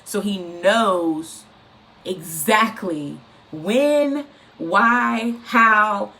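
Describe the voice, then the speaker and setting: A woman giving an informal, encouraging faith talk, speaking in an animated, repetitive, conversational way. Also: medium pitch, drawn-out words. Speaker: inspirational speaker.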